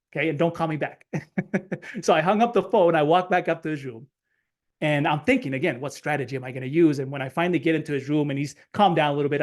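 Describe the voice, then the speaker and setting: A middle-aged man telling a personal story in a webinar talk, animated, acting out quotes with stammered restarts. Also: fairly high pitch. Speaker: webinar speaker.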